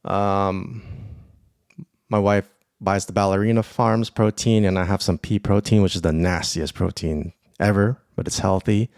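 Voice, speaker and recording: Deep-voiced man ranting on his podcast. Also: measured pace, no room sound, clean studio sound. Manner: profane, excitable, rambling. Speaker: podcast host. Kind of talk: casual solo podcast monologue.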